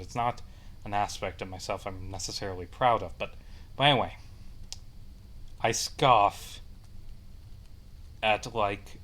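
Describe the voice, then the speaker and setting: A man's voice: lowish voice, fairly bright tone. Angry profane young man ranting. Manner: heated, profane, repeats himself. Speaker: vlogger. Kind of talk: angry personal rant.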